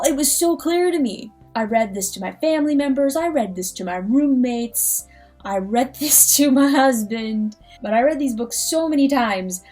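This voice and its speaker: A young adult woman with a fairly high voice chats in a relaxed, unscripted way as the host of her reading channel. She sounds eager and animated throughout, and soft music plays faintly behind her. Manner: enthusiastic, animated. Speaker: audiobook reader and channel host. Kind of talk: casual ad-libbed talk.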